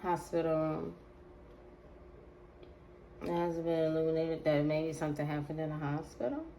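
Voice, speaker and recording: A woman's voice: deep voice, steady tone, warm tone, slight background noise, poor audio. Slangy woman doing a tarot reading. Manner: slangy, drawn-out repetitions. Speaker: tarot reader.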